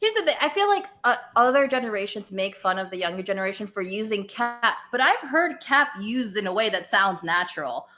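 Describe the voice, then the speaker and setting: Bright-voiced, blunt podcast co-host woman. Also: medium pitch, fairly quick, hardly any pauses. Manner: blunt, mocking, animated storytelling. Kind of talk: casual podcast chat.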